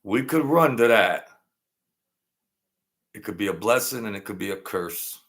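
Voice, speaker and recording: Gravelly low-voiced man telling stories. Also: lively intonation, fairly bright tone. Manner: rambling, halting, stammers and acts out quoted voices. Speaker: channel host telling mob stories. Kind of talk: casual storytelling monologue.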